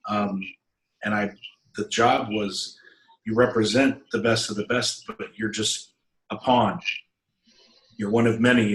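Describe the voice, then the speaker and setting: Man, fairly low voice, reflective, hesitant fillers. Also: fairly bright tone, low-quality recording. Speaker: meetup participant. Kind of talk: casual group chat.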